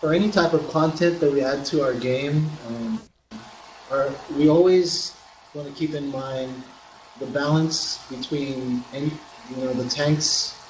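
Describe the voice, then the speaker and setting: A man's voice: on the high side, measured pace. A man answering stream questions for a game company, careful and hedging, with fillers. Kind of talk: casual Q&A answers. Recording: roomy sound with faint background hiss.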